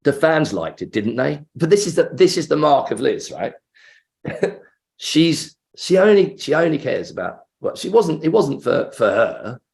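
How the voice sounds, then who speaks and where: A man's voice: fairly high pitch, big pitch swings, measured pace, gravelly, darkish tone. Actor guy rambling through an anecdote, loads of restarts. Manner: rambling, self-interrupting storyteller. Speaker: actor guest. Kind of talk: casual anecdote in an interview.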